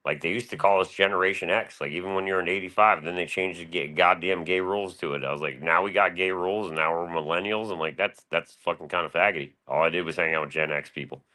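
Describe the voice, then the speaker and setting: A man's voice: low-pitched, fast talker, few pauses, pushed and bright. A man around forty talking in a loose, rambling, profane way on a casual chat stream. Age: 40s. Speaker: panel guest.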